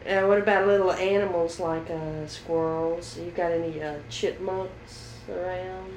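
A woman interviewer asking slow, prompting questions about local words. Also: fairly low pitch, steady tone, darkish tone. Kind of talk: dialect survey interview. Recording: echoey room, light noise.

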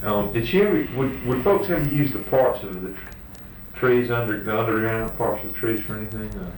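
A young man with a low voice asks questions in a hesitant, friendly way. He sounds far from the mic, in a roomy space, with a clear hiss on the old field tape. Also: brisk. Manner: hesitant, friendly, many fillers. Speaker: interviewer. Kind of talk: casual interview.

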